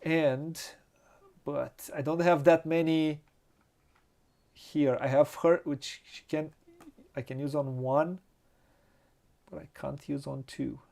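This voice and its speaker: A man with a Romanian accent, a non-native English speaker, hosting a board game playthrough and thinking aloud slowly and hesitantly, with frequent laughs. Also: a little high, fairly even intonation, creaky, darkish tone. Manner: slow, hesitant, muttering to himself, laughs often. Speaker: board game channel host.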